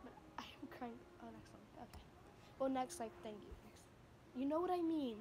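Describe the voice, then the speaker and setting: Filming on her phone at home in front of the TV, a woman vlogs a casual reaction, rambling and gushing in a chatty way. Her high-pitched voice is animated and moves at a normal speed, with noise in the background.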